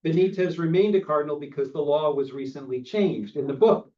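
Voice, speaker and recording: A man's voice: on the high side, fairly quick, distant mic. A man hosting a casual film discussion group, chatty, with many fillers and restarts, heard over a muffled video-call recording. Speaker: discussion host.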